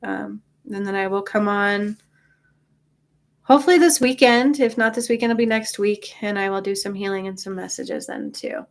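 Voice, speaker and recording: A woman's voice: medium pitch, steady tone, normal speed. Tired woman chatting on a livestream. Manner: chatty, reassuring, reads and answers viewer comments. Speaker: spiritual livestream host. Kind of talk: casual livestream chat.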